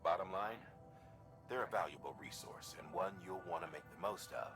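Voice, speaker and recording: A steady, authoritative mission director briefing the player in a video game. His voice is low and measured. Clear music plays under him.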